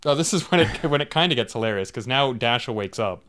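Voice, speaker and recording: A man's voice: medium pitch, expressive, quick pace, a bit bright. A man co-hosting a podcast, chatting casually about a movie and joking along as he goes. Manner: amused, chatty, jumps in with jokes. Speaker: podcast co-host. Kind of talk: casual movie recap chat.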